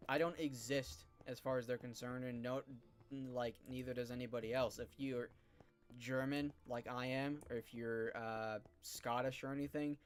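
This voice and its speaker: A man's voice: mid-range voice, fairly even intonation, moderate pace, smooth. A man from California hosting a live game stream, chatting casually and thinking aloud with lots of fillers. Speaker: streamer and host. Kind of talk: casual chat while gaming.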